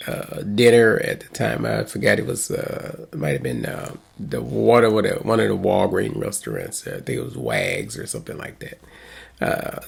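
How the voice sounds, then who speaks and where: Middle-aged man, pastor, gravelly, husky, lively rambling storytelling. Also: lowish voice. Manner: rambling, chuckling, many restarts. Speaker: pastor and host. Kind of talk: casual storytelling.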